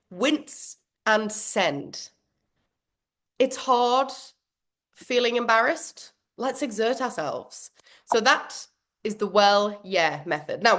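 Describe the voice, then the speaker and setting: A woman's voice: a little high, fairly bright tone. Chatty self-mocking woman trainer. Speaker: workshop trainer. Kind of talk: online workshop talk.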